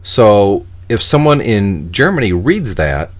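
A man co-hosting a casual tech podcast, telling stories in an exasperated, animated way. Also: on the low side, takes it slowly. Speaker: podcast co-host.

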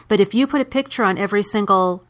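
Woman guest, mid-pitched, conversational and explanatory. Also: fast talker, fairly bright tone. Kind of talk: casual chat.

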